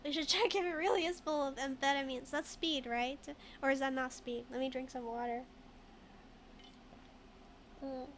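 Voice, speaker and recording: A high-voiced woman chats casually while streaming a video game. She giggles a lot, reads the game text aloud and answers her chat. A faint hiss sits under her voice. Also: fairly even intonation, normal speed, long pauses.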